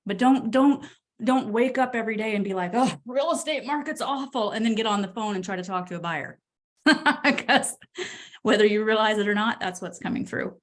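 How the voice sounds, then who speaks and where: Woman real estate coach, mid-pitched, blunt and energetic, quick to laugh. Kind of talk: coaching talk on a group call.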